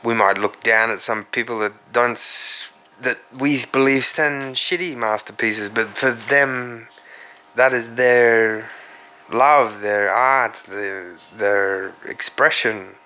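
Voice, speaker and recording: A bright, pushed, medium-pitched male voice takes things slowly as this Australian podcaster thinks out loud on his solo show. He drifts from thought to thought, swears freely, and speaks directly to the people watching.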